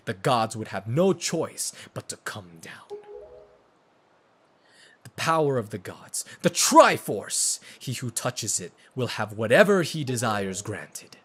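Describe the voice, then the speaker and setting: A man voicing a menacing male demon king sorcerer in a video game, speaking slowly and solemnly. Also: lowish voice, a bit bright, slight background noise. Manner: slow, solemn, theatrical delivery.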